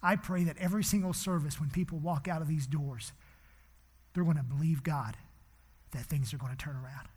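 A man preaching a sermon as pastor in a church, impassioned, swinging between hushed and loud. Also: on the high side, brisk, breathy edge, big-room sound.

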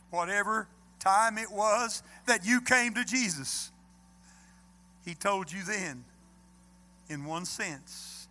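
A man preaching a sermon in a church, swinging from loud to hushed. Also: sits high, lively intonation, takes it slowly, a little hiss or hum. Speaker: pastor. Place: church sanctuary.

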